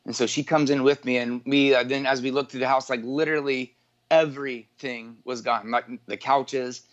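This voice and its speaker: A man's voice: mid-range voice, fairly even intonation, normal speed. Rambling man telling his story, dull recording. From northwest Indiana, USA. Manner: rambling, with frequent filler words and self-corrections. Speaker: entrepreneur, interview guest. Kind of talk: conversational storytelling in an interview.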